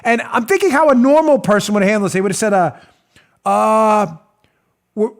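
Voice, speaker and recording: A man hosting a political talk show, speaking in a sarcastic, animated, mocking manner from a studio. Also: high-pitched, moderate pace, pauses often. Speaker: host.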